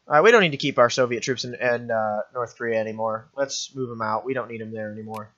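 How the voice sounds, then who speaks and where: A man's voice: mid-range voice, fast talker, fairly bright tone. Young guy rambling through a strategy game, offhand, slightly muffled lo-fi mic. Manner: rambling, offhand, self-correcting. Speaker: gaming commentator. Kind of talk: let's play commentary.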